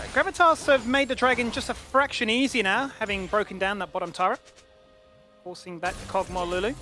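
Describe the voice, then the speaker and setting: A man doing animated play-by-play esports commentary. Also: high voice. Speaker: esports caster.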